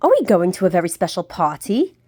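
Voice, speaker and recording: A woman voicing an excited small boy from a storybook, asking high, loud, wondering questions. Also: a little fast, no echo. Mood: eager.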